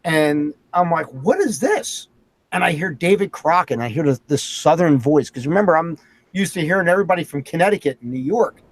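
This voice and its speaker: Animated storytelling male host, dry sound. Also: on the high side, fast talker, no room sound. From Philadelphia area. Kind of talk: casual chat.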